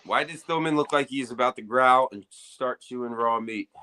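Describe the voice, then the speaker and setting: A man's voice: mid-range voice, normal speed, bright, forceful tone, a little hiss or hum, low-quality recording. A man hosting an armwrestling talk show, telling stories in a loose, profane, filler-heavy way. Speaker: armwrestling show host and competitor. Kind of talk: casual chat.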